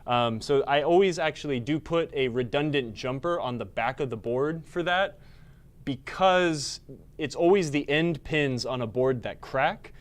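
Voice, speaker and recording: A man hosting a live stream about repairing pinball machines, talking fast and eagerly despite being exhausted. His voice sits in an ordinary middle range, and his explanations are full of ums and restarts. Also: medium pitch. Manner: quick, energetic explaining with fillers. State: tired. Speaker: pinball repair technician host. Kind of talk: live-stream technical chat.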